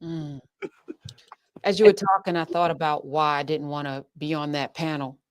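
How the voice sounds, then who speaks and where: A woman's voice: low-pitched, fairly even intonation, normal speed, no echo, clean studio sound. A woman co-hosting a podcast, speaking in an earnest, reflective, conversational way. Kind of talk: casual discussion.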